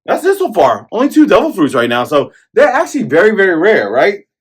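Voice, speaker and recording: A man hosting a casual manga chapter review, animated and jokey, acting out lines as he goes. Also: high-pitched, brisk, breathy edge. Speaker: host.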